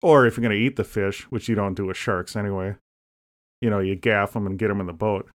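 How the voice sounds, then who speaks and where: A man co-hosting a casual comedy podcast, rambling through deadpan jokes and asides. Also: on the low side, quick pace. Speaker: podcast co-host.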